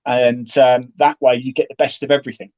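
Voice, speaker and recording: A man's voice: medium pitch, a little fast, no echo, lo-fi sound. A man, a golf broadcaster, chatting as an interview guest and acting out what he would say to players. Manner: chatty, animated storytelling with acted-out quotes. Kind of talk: casual interview talk.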